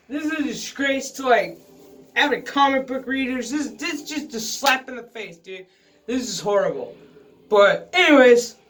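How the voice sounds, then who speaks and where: High-voiced man ranting about a show. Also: a bit bright. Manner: profane, exasperated, swears freely. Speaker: vlogger reviewing a TV episode. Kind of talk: casual ranting review.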